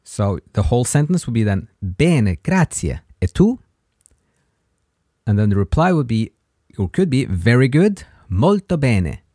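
A man hosting a podcast and teaching a language lesson, patiently repeating short phrases slowly for listeners to practice. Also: medium pitch, big pitch swings, mellow, dry recording, studio quality. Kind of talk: slow spoken language lesson.

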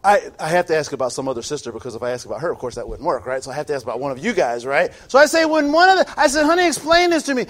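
High-pitched, animated preaching pastor man. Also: fast, hardly any pauses. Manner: animated preaching, swings from soft asides to shouted peaks, frequent stammered restarts. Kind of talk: sermon.

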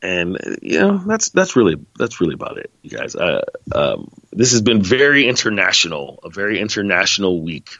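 A man's voice: low voice, wildly swooping pitch, fairly quick, bright, forceful tone, dry recording, lo-fi sound. A tired man hosting a podcast, rambling and joking loosely as he signs off, swearing now and then. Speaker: podcast host. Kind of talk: rambling casual sign-off.

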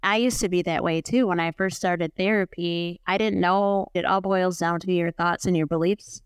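A woman's voice: on the low side, fairly even intonation, normal speed, clean tone, no room sound. A middle-aged woman speaking as a podcast guest, telling her story in an open, reflective, conversational way. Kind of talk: candid conversational chat.

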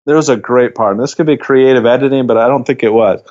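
A man co-hosting a podcast in casual chat, talking haltingly with many restarts and fillers. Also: mid-range voice, a little mellow. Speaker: podcast co-host. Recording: slightly dull lo-fi sound.

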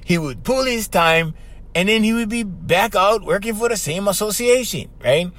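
With a high, slightly bright voice at a moderate pace, this Hawaiian Pidgin-accented podcaster keeps things casual and loose, peppering his monologue with laughter and plenty of "bro."

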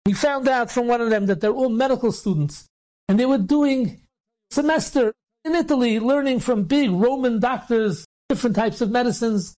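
A rabbi telling a story with animated delivery, acting out the dialogue in different voices and speaking in loose phrasing with restarts. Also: male voice, extremely high pitch, normal speed. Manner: acts out the dialogue in different voices, sometimes shouting; loose spoken phrasing with restarts and repeated words.

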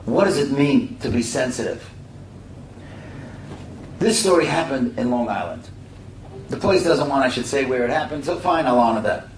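A middle-aged man telling a heartfelt moral story, animated and acting out the voices. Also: medium pitch, normal speed, long pauses. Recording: roomy and distant with faint hiss.

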